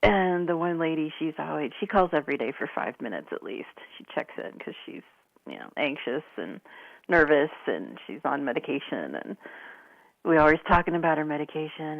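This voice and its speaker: A woman's voice: deep voice, moderate pace, creaky, dry recording. A woman co-hosting a radio show, telling stories in casual chat and acting out the voices she quotes. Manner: chatty storyteller, lively quoting voices. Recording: tinny phone line.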